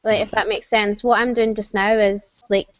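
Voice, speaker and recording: A woman's voice: mid-range voice, flat delivery, moderate pace, no room sound, dull audio. A woman in a casual group discussion, answering hesitantly with ums. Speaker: panelist.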